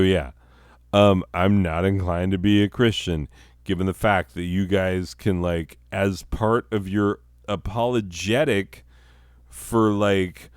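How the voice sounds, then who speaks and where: A man with a very deep, unhurried voice rambles through a profane comedic monologue, laughing at his own jokes. His tone is sarcastic and meandering, and his voice sounds smooth and clear. The recording is dry and close. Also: darkish tone, dry recording. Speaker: podcast host.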